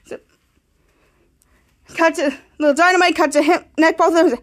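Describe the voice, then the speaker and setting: A woman hosting a podcast, excitedly retelling a TV episode scene by scene and quoting the characters' lines. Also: very high voice, a little fast, long pauses. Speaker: podcast host. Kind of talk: casual episode recap.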